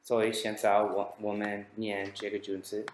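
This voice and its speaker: A man's voice: lowish voice, monotone, normal speed, slight background noise. A man in a classroom demonstration, coaching a learner by repeating a sentence with exaggerated stress. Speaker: student presenter. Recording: echoey room recording.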